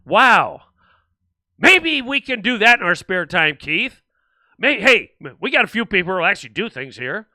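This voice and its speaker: A livestream host with a high voice rants sarcastically about politics a little slowly, reading out viewer comments. He is animated and mocks other voices, and there is no echo.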